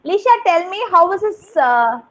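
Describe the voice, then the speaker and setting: A woman teaching a kindergarten class online, talking in an animated, sing-song way for small children over a video call. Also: very high voice, moderate pace. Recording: dull lo-fi video call audio.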